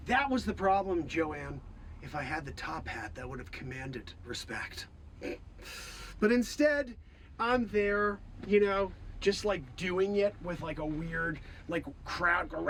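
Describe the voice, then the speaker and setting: Hoarse guy doing improv comedy, high voice jumping all over, fake outrage then mumbling. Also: lively intonation, a little slow, a little hiss or hum. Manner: mock-outraged, swings between shouting rants and muttering. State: hoarse, losing his voice. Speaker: comedy streamer host.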